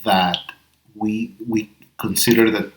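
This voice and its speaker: In an echoey room with a noisy background, a non-native English-speaking man co-hosts an improv podcast. His voice is lowish and steady in tone as he slowly reasons aloud in casual discussion, earnest and restarting now and then.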